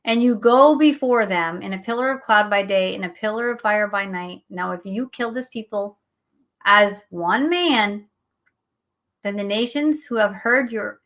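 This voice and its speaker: A middle-aged woman hosting a show, teaching a Bible study in a conversational, animated way and laughing at herself now and then. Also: mid-range voice, measured pace. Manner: animated, chatty, acts out quotes, laughs at herself.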